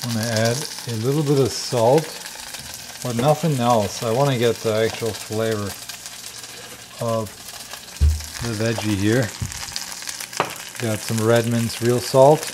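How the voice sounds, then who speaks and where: Guy w a german accent chatting thru a cooking vlog in his kitchen, mid pitch, bit of pan sizzle in the back. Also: steady tone, a little slow, pauses often, noisy background. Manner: chatty, thinking aloud while tasting and cooking. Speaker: homestead vlogger. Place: home kitchen.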